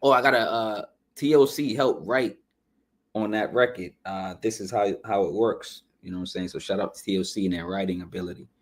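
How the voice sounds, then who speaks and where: A man with a fairly low voice talks casually as a podcast host, running through tracks with loose asides and frequent shout-outs. He keeps dropping "you know what I'm saying" as he goes, and his nose is running. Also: brisk. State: runny nose. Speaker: podcast host reviewing an album. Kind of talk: casual music review chat.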